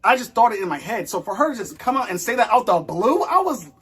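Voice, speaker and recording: A man sharing a personal faith story in casual conversation, animated and acting out his own thoughts and the lines of others. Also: high voice, fast talker. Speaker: guest.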